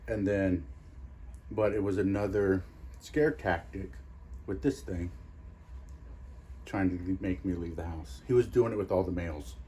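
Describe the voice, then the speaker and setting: A deep-voiced man describes a paranormal case in an interview. His tone is mellow and he rambles as he tells the story. There is faint noise behind his voice. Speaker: paranormal investigator.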